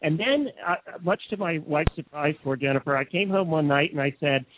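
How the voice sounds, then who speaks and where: A man's voice: fairly high pitch, a little fast, hardly any pauses. A man hosting a casual radio interview, chatty and enthusiastic as he tells stories. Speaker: show host. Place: Lexington area, United States. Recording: dry, phone-like narrow sound.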